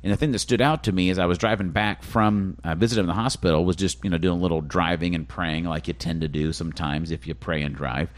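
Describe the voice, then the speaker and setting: Man, low voice, quick rambling podcast talk, upbeat host. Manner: fast, upbeat, rambling with restarts. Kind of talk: casual podcast chat.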